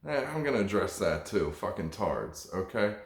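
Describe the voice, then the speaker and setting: A man's voice: low-pitched, very animated, normal speed, reverberant, background noise. A man hosting a comedy podcast alone, delivering a rambling, profane, mock-preachy monologue.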